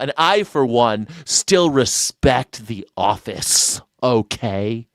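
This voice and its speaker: A man hosting a live call-in stream, talking in a mocking, sarcastic way and swinging between mock outrage and low asides. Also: animated, slow, hardly any pauses, no room sound, studio quality.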